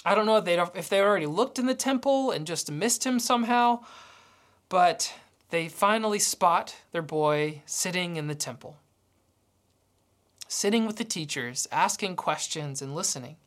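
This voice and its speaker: A woman's voice: on the low side, lively intonation, moderate pace. A woman preaching a sermon, telling a story and acting out its dialogue.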